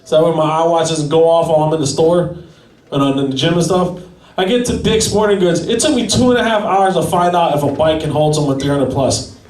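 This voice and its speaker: A man with a fairly high voice doing stand-up, joking about himself and chatting with the crowd. He is heard from a distance in a roomy, echoing space. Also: brisk, a little mellow. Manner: self-deprecating, chatty with the crowd. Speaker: stand-up comedian. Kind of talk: stand-up comedy set. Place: small gallery venue at an open mic. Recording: echoey room from a distance.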